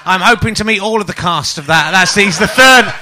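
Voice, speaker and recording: A man hosting a podcast in relaxed chat, his voice high and piercingly bright. He jokes at his own expense and giggles through his questions. A faint hiss sits behind him. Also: a little fast. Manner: giggly, jokey, self-mocking. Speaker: podcast host. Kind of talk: casual interview chat.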